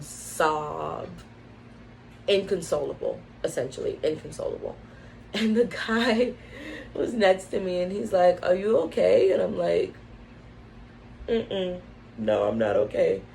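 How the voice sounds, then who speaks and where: A woman's voice: low-pitched, gravelly, a little hiss or hum, poor audio. A young woman vlogger telling a casual story at home, full of "like" and "um" fillers. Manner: chatty, lots of "like" and "um" fillers. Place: at home, indoors.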